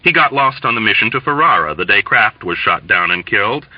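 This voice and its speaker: A man reading a novel aloud in a measured, plain narrating voice. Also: on the low side, animated, dry recording. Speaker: audiobook reader. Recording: dull lo-fi, dry.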